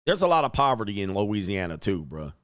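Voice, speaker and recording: A man hosting a casual livestream, reading chat comments and telling stories in a profane, animated way. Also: fairly low pitch, a little fast. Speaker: host of a livestream show. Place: home studio.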